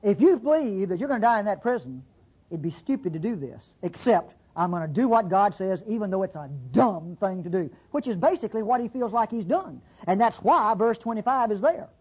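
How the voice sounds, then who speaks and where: Husky folksy Bible teacher. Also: lively intonation, a little fast, darkish tone, rough recording. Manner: folksy, conversational, acts out quotes with big pitch jumps. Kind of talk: sermon-style Bible class teaching.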